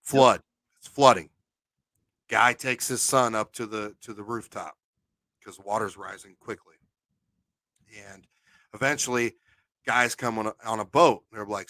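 A man co-hosting a podcast, a paranormal investigator chatting casually, animated and telling anecdotes with a swear now and then. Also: fairly low pitch, normal speed, long pauses, no echo.

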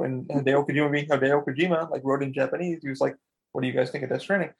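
A man co-hosting a podcast in casual chat, rambling and excitable, swearing a lot and acting out what people said. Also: on the high side, fast talker, vocal fry, breathy edge. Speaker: podcast co-host.

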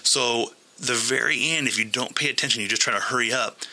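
A man with a very bright, forceful voice talks in a relaxed podcast chat. He tells a long story in an animated way, with plenty of ums and restarts. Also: mid-range voice, fairly quick, rough recording. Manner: animated storytelling with many fillers. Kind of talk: casual chat.

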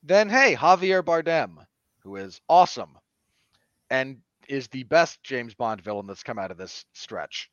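A man co-hosting a podcast, talking through a film review in an animated, opinionated way with sudden emphatic jumps. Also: mid-range voice, unhurried, dry recording. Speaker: podcast co-host. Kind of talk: casual film review chat. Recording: dull, dry lo-fi podcast audio.

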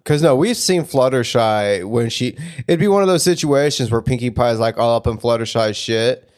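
A man co-hosting a casual chat, telling stories in a lively way. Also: medium pitch, moderate pace. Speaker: podcast co-host.

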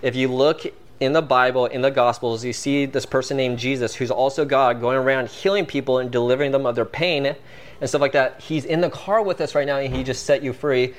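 A man as a guest, telling a story in a casual, animated way full of "like" and fillers. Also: mid-range voice, brisk. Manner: animated, filler-heavy, peppered with "like".

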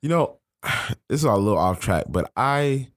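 A man's voice: mid-range voice, measured pace. A man co-hosting a podcast in casual chat, telling stories with lots of cursing and laughter. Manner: animated storytelling, cursing and laughing. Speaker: podcast co-host.

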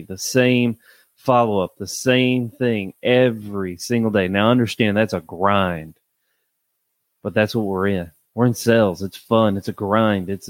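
A man's voice: lowish voice, no echo. A man hosting a solo podcast, talking candidly and bluntly, with plenty of fillers and repeated words. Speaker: podcast host. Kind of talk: casual solo podcast monologue.

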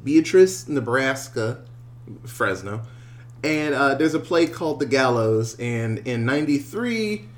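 A man's voice: mid-range voice, expressive, unhurried. A man casually retelling a movie plot in a podcast chat, rambling with lots of filler words. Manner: rambling storyteller, many "uh"s.

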